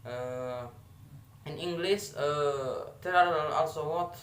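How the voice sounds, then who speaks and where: A man with an Indonesian accent presenting an English lesson on word stress, halting with many fillers and repeating each example word. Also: on the high side, a bit bright. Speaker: student presenter. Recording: echoey room with faint ambience.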